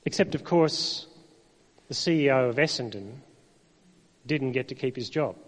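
A middle-aged man from Ireland, preaching a sermon in a conversational way, with rhetorical questions and dramatic pauses. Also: medium pitch. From Northern Ireland. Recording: long hall reverb.

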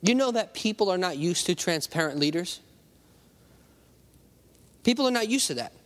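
A man's voice: high voice, expressive, normal speed. A male pastor preaching a conversational sermon, acting out little voices and talking straight to the congregation. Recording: long hall reverb.

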